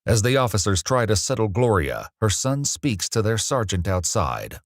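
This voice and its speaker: A man reading scripted documentary narration in a measured, even way. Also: fairly low pitch, heavy background noise. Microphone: studio voice-over.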